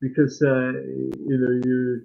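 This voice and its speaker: Man, podcast co-host, casual film chat, halting with many fillers, tinny phone-like sound. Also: mid-range voice, completely flat delivery, vocal fry, faint music behind.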